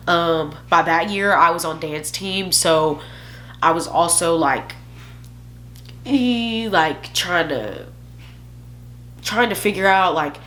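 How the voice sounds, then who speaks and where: A woman's voice: on the low side, bright, forceful tone, slight background noise. A young woman vlogger telling a candid, emotional personal story, joking at her own expense.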